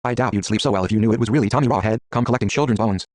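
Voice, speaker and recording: A man's voice: fairly low pitch, racing, a little mellow, dry recording, natural voice. A man voicing a scornful male fairy-tale creature with a sneering manner.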